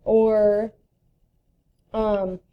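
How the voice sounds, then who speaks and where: A woman teacher giving a slow, deliberate reading lesson to young children, spelling out letters and sounding out words. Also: medium pitch, flat delivery. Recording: slightly dull lo-fi recording.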